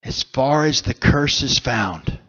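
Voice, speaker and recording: Slow, earnest male preacher. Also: medium pitch, lively intonation, fairly bright tone, muffled recording. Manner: slow, earnest, pausing between phrases. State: emotional, choked up. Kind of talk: sermon. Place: church sanctuary.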